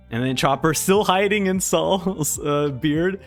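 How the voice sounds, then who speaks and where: A man reading out a manga chapter in a casual reaction video, laughing often and doing quick funny voices for the lines. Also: fairly high pitch, faint music behind.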